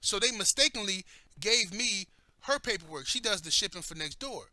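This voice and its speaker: A man's voice: sits high, lively intonation, normal speed, bright, forceful tone, no echo. A man telling personal stories in a blunt, heated way, cursing heavily as he talks. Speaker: commentator. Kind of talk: profane personal storytelling.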